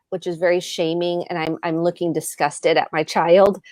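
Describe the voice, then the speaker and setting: Her voice is fairly low and level, moderately paced and darkish, captured in a dry, studio-quality recording. She's a middle-aged therapist from the United States earnestly sharing tips on a live show, listing words and playing out brief sample conversations.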